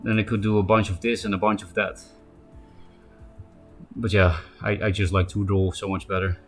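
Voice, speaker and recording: Low-voiced man streamer, rambling. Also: level tone, normal speed, soft background music. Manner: rambling, thinking aloud with fillers. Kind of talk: casual live-stream commentary.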